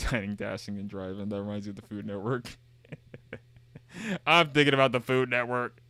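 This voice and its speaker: A man's voice: lowish voice, a little fast, long pauses, bright, forceful tone, clear, resonant tone, no room sound. A man streaming a game, chatting casually, reading dialogue aloud and joking in a rambling, repetitive way. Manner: rambling and jokey, reads game dialogue aloud and repeats himself.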